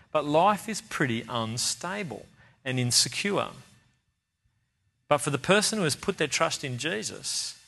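A man's voice: medium pitch, gravelly, bright, forceful tone. A man preaching a sermon. He speaks earnestly and with emphasis, repeating key phrases for stress.

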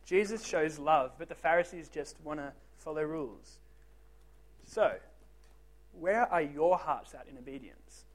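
At a measured pace and slightly high pitch, a young man chats informally with a youth group. He cracks jokes at his own expense and asks the teens things directly.

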